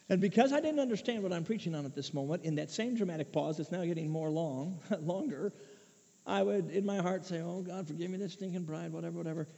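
A man preaching a sermon, swinging between hushed asides and loud shouted peaks. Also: sits high, brisk, creaky. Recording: muffled echoey hall recording.

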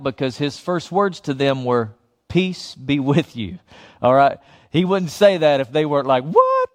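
A male pastor preaching a lively sermon, often repeating phrases and chuckling between points. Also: on the high side.

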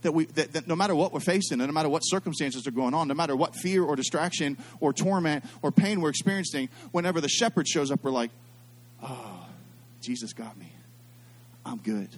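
Man, middle-aged pastor, sermon, storytelling, quiet to loud swings, slightly high voice. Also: quick pace, hardly any pauses.

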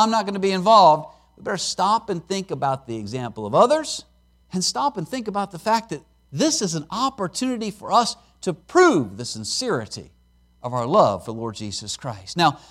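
A man preaching a sermon as a missionary, lively and emphatic with folksy asides. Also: sits high.

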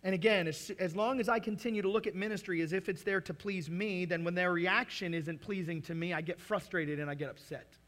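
A man in his forties preaching with lively, playful energy. His voice sits high for a man and rings bright and forceful. He slips into acted-out asides and jokes as he goes. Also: fairly quick, hardly any pauses. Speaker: pastor. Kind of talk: sermon.

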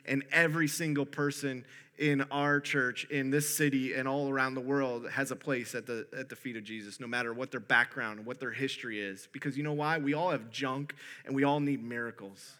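A male pastor giving a conversational, animated sermon, often restarting his sentences. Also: mid-range voice, brisk.

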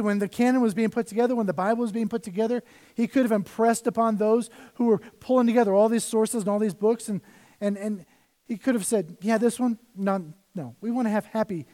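A man preaching a conversational sermon as pastor, swinging between loud emphasis and quiet asides. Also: high-pitched. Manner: conversational preaching, rises and drops in volume.

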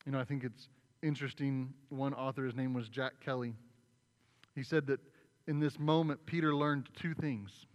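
A man's voice: mid-range voice, fairly even intonation, normal speed, lo-fi sound. A man preaching a sermon as pastor, retelling a story vividly and acting out the voices. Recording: long reverb in a large hall.

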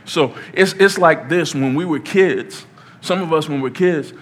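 A man's voice: fairly high pitch, moderate pace. A man in his thirties preaching an informal sermon in a church, conversational and playful, rising to emphatic peaks. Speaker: pastor.

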